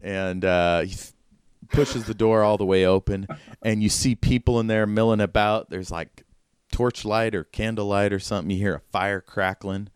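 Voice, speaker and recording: Low-voiced, smooth male game master. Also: steady tone, moderate pace, no room sound, studio quality. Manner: loose, chatty, full of "like" and laughs. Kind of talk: narrating a tabletop game.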